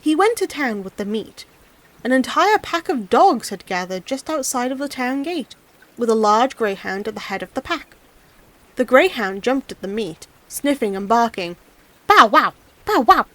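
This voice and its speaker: A woman narrating a fairy tale as an audiobook reader, in an expressive, animated reading style. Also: fairly high pitch, normal speed. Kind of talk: storybook narration.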